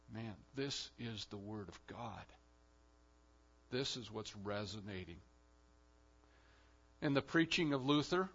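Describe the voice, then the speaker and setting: A man preaching a sermon as pastor, in an emphatic style with sudden loud swells. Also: mid-range voice, muffled recording.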